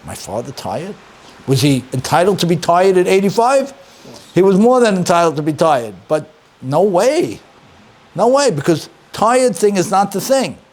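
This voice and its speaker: An older man teaches a conversational Torah lesson, pressing his points by repeating words and asking his listeners questions. His voice sits a little high for a man, and a faint hiss runs under the recording. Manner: animated, emphatic, repeats key words, asks listeners questions. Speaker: rabbi and teacher.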